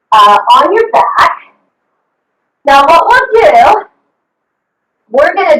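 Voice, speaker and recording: A woman with a high, fairly bright voice coaches a live online fitness class over a video call, staying upbeat and encouraging and cheering everyone on with whoops. Her distant mic gives the call an echoey sound.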